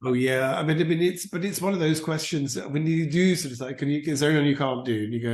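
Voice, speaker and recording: Chatty man in an echoey room. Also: on the high side. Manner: animated, chatty, slips into quick impressions. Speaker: impressionist and actor, interview guest. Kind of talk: casual interview chat.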